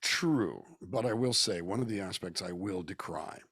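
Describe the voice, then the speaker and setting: A guest musician and actor from Southern California speaks thoughtfully and at length during a laid-back video-call interview. His voice is low, a bit bright and slightly rough, at normal speed, in clean studio sound without echo. He's reflective, talkative and acts out the voices he quotes.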